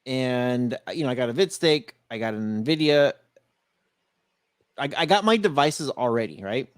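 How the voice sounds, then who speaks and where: A man's voice: medium pitch, expressive, unhurried, clear, resonant tone, dry recording, clean studio sound. Giggly man co-hosting a livestream. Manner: giggly, laughs often, reads out chat comments. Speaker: podcast co-host. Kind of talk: casual livestream chat.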